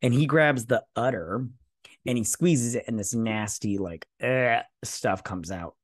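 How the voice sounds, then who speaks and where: Man, TV review host, casual rambling recap, crude jokes, mid pitch, dry room sound. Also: unhurried, no echo. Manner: crude, mocking, loose paraphrase; hesitant, searching for names.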